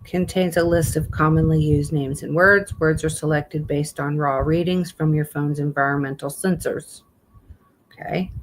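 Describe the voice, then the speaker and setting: A woman's voice: low-pitched, a little hiss or hum. Woman, live streamer, casual chat, blunt, swears, mutters while reading aloud.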